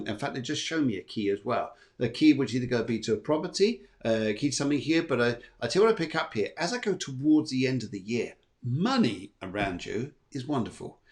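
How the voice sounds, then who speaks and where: A man hosting a live show as a psychic medium, rambling and repeating himself with many fillers. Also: medium pitch.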